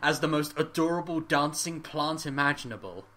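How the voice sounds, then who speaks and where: A man's voice: on the high side, moderate pace, pushed and bright. A man co-hosting a casual podcast chat, enthusiastic, laughing often and chiming in with agreement. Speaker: podcast co-host.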